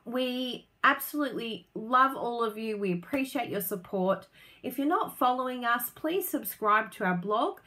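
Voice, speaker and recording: A woman's voice: on the high side, expressive, normal speed, bright, forceful tone. A woman hosting a casual live stream, bubbly and chatty, laughing often as she talks to viewers. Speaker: craft business host.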